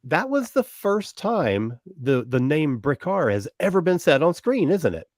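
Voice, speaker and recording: A man co-hosting a casual fan podcast, talking in a wry, halting way with restarts. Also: fairly high pitch, sing-song, darkish tone, no room sound, studio quality. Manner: hesitant, many restarts, wry. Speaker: podcast co-host. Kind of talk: casual chat.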